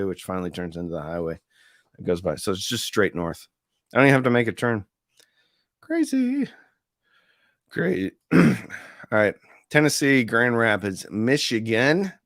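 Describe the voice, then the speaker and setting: A man's voice: lowish voice, a bit bright, dry recording, clean studio sound. A middle-aged man hosting a casual live stream, chatting in a rambling way and reading viewer comments aloud. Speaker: livestream host reviewing audio deals.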